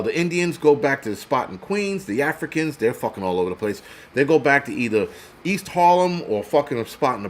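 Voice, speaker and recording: A man's voice: fairly high pitch, slight background noise. A man hosting a livestream, ranting bluntly and profanely with lots of fillers. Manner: blunt, profane, swaggering rant with many fillers. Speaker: host.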